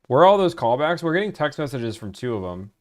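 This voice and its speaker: A man's voice: mid-range voice, big pitch swings, fast, no echo, studio quality. A young man from Georgia chatting casually on a live stream about buying cars, rambling and filling his talk with "like.". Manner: rambling, full of "like" fillers.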